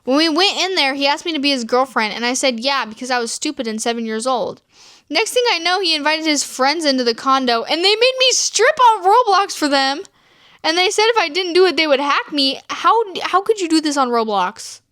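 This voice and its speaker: A woman's voice: high-pitched, expressive, brisk, bright, forceful tone, no echo, clean studio sound. A woman vlogger reading viewer dating stories aloud and reacting, swearing freely and laughing often. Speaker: storytime vlogger.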